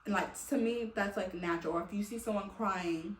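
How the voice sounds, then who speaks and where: A woman's voice: mid-range voice, fairly quick, slight background noise. A woman vlogger venting casually to her viewers, rambling with many fillers and laughing between thoughts. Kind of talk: casual heartfelt venting to camera. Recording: echoey room, a little far from the mic.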